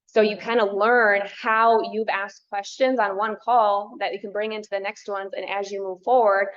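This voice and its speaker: A woman coach talking casually to a workshop, thoughtfully explaining her approach step by step. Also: medium pitch. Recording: dull lo-fi sound.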